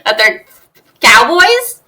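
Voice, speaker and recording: A woman's voice: on the high side, very animated, takes it slowly, pushed and bright, husky. A woman hosting a casual game livestream, joking and rambling between lines of dialogue. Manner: joking and rambling, with frequent laughter and restarts. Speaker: livestream host. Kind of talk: casual game-stream chat.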